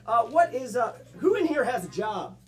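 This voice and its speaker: A man hosting a live improv comedy show, loud and joking as he explains the rules to the audience. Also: very high voice, big pitch swings, moderate pace. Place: comedy theater stage. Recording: live crowd around.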